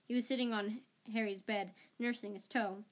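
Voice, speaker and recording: A woman's voice: medium pitch, fairly even intonation, moderate pace. A woman narrating an amateur audiobook reading, with plain delivery and small slips and restarts. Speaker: audiobook reader.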